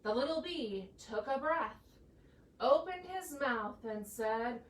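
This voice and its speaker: A high-voiced woman reads a children's story with lively, swooping intonation and an unhurried pace. She sounds playful and animated, picked up from some distance in an echoey room with faint background noise. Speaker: church staff member reading to children. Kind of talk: children's story read-aloud.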